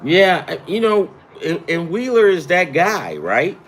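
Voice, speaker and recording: A man's voice: high voice, very animated, measured pace. A man hosting a casual sports betting chat, rambling and profane, with self-deprecating asides. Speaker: sports betting picks host.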